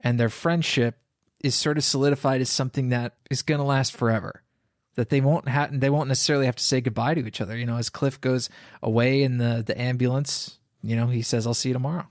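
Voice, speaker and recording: A man co-hosting a casual film podcast, weighing his points thoughtfully with the odd "um". His pitch is an everyday middle. The sound is close and dry. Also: steady tone, a little fast, dry recording. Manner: thoughtful, analytical, with fillers. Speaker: podcast co-host.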